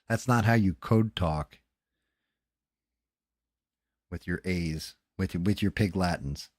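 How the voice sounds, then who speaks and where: A man's voice: low-pitched, fairly even intonation, moderate pace, hardly any pauses, a little mellow, no room sound, studio quality. A man hosting a casual late-night livestream, tired and rambling, with loose, profane talk. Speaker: livestream host.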